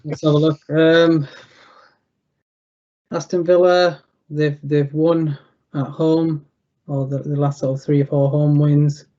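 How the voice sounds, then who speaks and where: A young man giving betting tips over a video call, thinking aloud in a halting way with many fillers and restarts. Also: fairly high pitch, little pitch movement, warm tone, lo-fi sound. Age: young adult. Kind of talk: thinking aloud while clicking through a screen.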